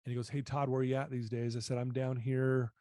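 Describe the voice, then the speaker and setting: A man guest on a podcast, earnestly telling a personal story and often dropping his voice low. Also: level tone, fast, dark tone, no echo, clean studio sound. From United States. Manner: earnest, reflective, often drops voice.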